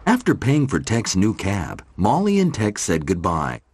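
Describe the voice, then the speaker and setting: A man narrating a children's storybook in an expressive, animated way. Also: fairly low pitch, a little slow, breathy edge. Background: background music.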